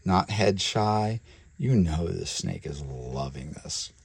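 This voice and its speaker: This reptile breeder and channel host has a low, gravelly, husky voice, expressive and slow. Handling snakes indoors for a casual vlog captured on a handheld camera mic, he chats away and now and then murmurs softly to the animals.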